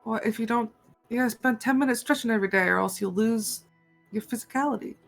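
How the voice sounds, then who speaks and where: A woman playing a tabletop game, blunt and deadpan in her banter. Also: a little high, quick pace, gravelly, faint music behind. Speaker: player.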